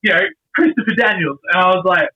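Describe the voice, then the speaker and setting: Speaking quickly in a high, pushed, bright voice, this middle-aged wrestler rambles through earnest stories as a podcast guest, leaning on plenty of fillers. The interview is casual, and the sound is dull and lo-fi.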